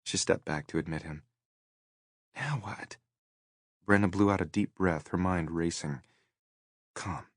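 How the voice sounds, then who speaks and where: Low-voiced man narrating a romance novel. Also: fairly even intonation, a little slow, long pauses, no echo, clean studio sound. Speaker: audiobook narrator. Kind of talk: scripted narration.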